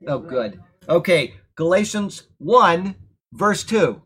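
In a church room while a thunderstorm rages, a man teaches a Bible class in sermon style, his high voice expressive, slow, pushed and bright. He's conversational and keeps asking "okay?" to check on his listeners, then builds into emphatic, indignant passages.

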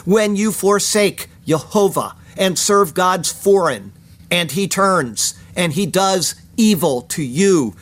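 A man with a slightly high voice delivers a careful verse-by-verse sermon. He reads Hebrew phrases and then explains them, leaning hard on key words. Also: a bit bright. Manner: measured, explanatory, stresses single words. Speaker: pastor.

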